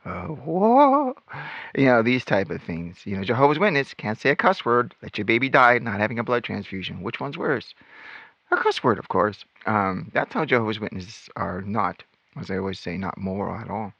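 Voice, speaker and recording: A man telling his life story as host of his own channel, animated and acting out remembered lines as he goes. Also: fairly low pitch, creaky, dry recording, highs cut off. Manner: animated storytelling, acts out quotes. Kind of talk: personal testimony monologue.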